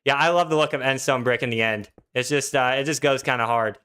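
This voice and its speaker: A young man talks through his gameplay on a live stream, loose and slangy, reading out viewers' questions as he goes. His voice is bright and clean, sitting at an ordinary male pitch. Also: fast talker, clean tone. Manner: laid-back, slangy, chatty, reads chat aloud. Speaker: gaming streamer. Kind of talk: casual live-stream commentary.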